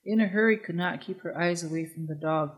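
A narrator reading a storybook aloud in an even, unhurried way. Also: mid-range voice, poor audio.

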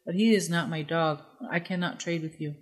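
A narrator voicing a quiet, polite young woman who firmly refuses a trade, in a storybook reading. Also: mid-range voice, fairly even intonation, normal speed, lightly acted.

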